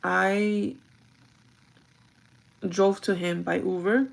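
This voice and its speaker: A woman's voice: mid-range voice, flat delivery, drawn-out words, gravelly. A young adult woman vlogging in casual chat, rambling through a story with lots of fillers and switching languages mid-sentence.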